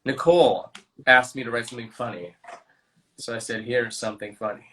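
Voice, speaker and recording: A man's voice: medium pitch, a little fast, a bit bright, slight background noise. A man from Canada hosting a casual livestream, playfully reading out fan messages while he chats. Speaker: livestream host signing autographs.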